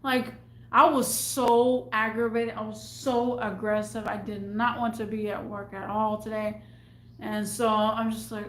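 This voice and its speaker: Woman, fairly high voice, agitated rant, frequent cursing, stammering restarts, roomy echo. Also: flat delivery, a little slow, a bit bright, slight background noise. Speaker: retail store worker. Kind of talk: ranting storytime vlog. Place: at work in a store.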